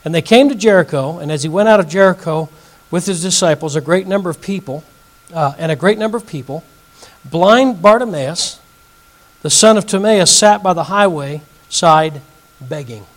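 A man's voice: a little high, lively intonation, moderate pace, poor audio. A male pastor teaching an evening Bible lesson, reading scripture aloud and putting questions to his audience.

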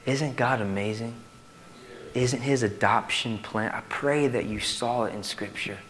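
A male pastor preaching a sermon to his church in an animated way, swinging from loud to hushed. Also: medium pitch, unhurried.

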